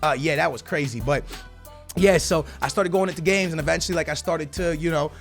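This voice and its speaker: A young man giving casual gameplay commentary as a gaming YouTuber, animated and slangy, talking straight to his viewers as bro and man. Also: fairly high pitch, fairly quick, creaky. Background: faint background music.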